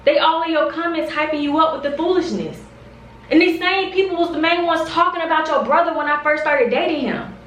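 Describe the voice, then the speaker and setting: A woman's voice: sits high, brisk, a bit bright, reverberant, recorded from a distance, a little hiss or hum, low-quality recording. A young woman vlogger speaking straight to camera, heated and confrontational, repeating her points for emphasis. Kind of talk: direct-to-camera storytime rant.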